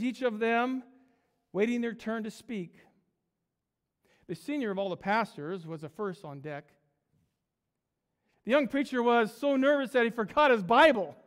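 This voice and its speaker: A man preaching a sermon as pastor, telling a story in an animated way, acting out the characters and often restarting his sentences. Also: extremely high pitch. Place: small church sanctuary. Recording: long reverb of a church sanctuary.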